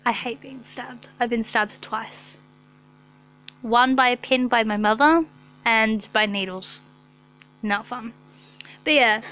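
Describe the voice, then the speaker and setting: Slow-talking young woman, bright high voice. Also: highs cut off. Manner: rambling, swears often, says "like" a lot. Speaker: vlogger. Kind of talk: casual storytelling to camera. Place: bedroom. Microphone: own camera.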